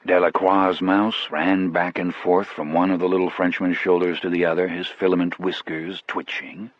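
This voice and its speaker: Man, audiobook narration, measured, grave, very deep, husky, dry lo-fi sound. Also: level tone, no room sound.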